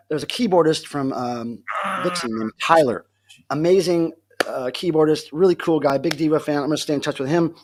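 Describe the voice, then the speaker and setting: A man hosting a livestream from home, telling a story in a casual, animated way, laughing often and acting out what people said. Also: on the high side, slight background noise. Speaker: livestream host. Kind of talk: casual storytelling to a live chat.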